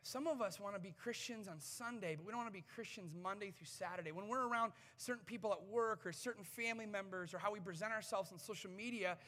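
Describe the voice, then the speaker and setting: A man with a high, bright voice preaches in a church, animated and self-deprecating as he tells stories. His voice carries a long reverb from the sanctuary. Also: fast talker, few pauses. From United States. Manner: animated storytelling, self-deprecating, rising to excited peaks. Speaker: pastor. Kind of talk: sermon.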